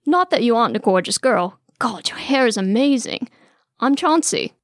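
A woman's voice: mid-range voice, fairly even intonation, moderate pace, dry recording, clean studio sound, lightly acted. A woman voicing an eager, bumbling young male prince who gushes in a put-on British accent. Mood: gushing. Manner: gushing, pompous, overeager. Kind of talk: audiobook character voice.

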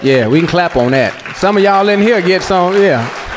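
A man performing a stand-up comedy set, telling profane, animated stories on a club stage before a live audience. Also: high-pitched, moderate pace, crowd noise. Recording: live club recording with echo, audience laughter and noise.

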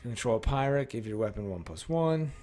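A man's voice: medium pitch, animated, fairly quick, darkish tone, a little hiss or hum. A man giving casual, rambling commentary while opening card packs, often correcting himself and swearing freely. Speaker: card game pack-opening streamer.

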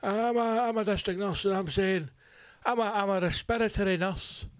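A man's voice: high voice, normal speed, dry recording, pitched above the performer's own voice, natural voice. A man mimicking a preachy hospital nurse from a viral video, lecturing and swearing.

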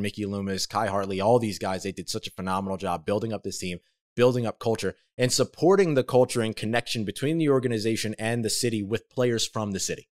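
A man hosting a solo sports talk podcast, speaking with energy and emphasis, with big swings in pitch and loudness and casual self-corrections. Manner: conversational, with fillers and self-corrections.

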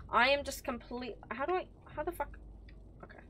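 A woman streaming a game live, excitable and swearing, talking to the game characters and to her chat. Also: sits high, fast talker, slight background noise. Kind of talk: live gameplay commentary.

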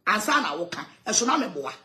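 A woman's voice: medium pitch, sing-song, fast, sharp tone. A Ghanaian woman evangelist making an emphatic, aggrieved complaint, repeating her points. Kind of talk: impassioned complaint.

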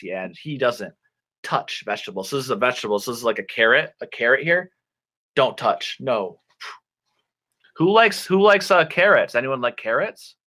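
Playful, lively online English teacher. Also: male voice, mid-range voice. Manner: playful, animated, uses sound effects. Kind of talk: teaching a children's English class.

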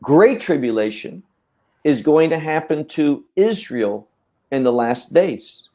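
A man teaching scripture in a measured, emphatic way, often repeating words as he thinks. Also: a little high, lively intonation, dark tone. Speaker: Bible teacher. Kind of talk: teaching talk.

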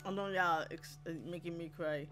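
A young woman reacting to anime, loud and exclamatory and laughing often. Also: fairly low pitch, steady tone, normal speed, over music.

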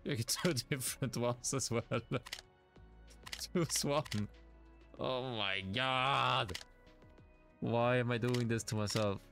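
Faint music plays behind a young Swedish man doing live gaming stream commentary in his Swedish accent. His mid-range voice moves at a measured pace as he grumbles at himself and his chat in a self-mocking, exasperated tone.

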